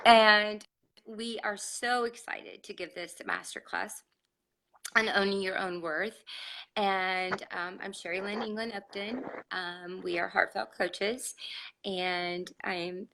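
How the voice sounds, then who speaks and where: A woman life coach opening a live online masterclass over a video call, excited and emotional, laughing often. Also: mid-range voice, slow, vocal fry, a little hiss or hum, rough recording.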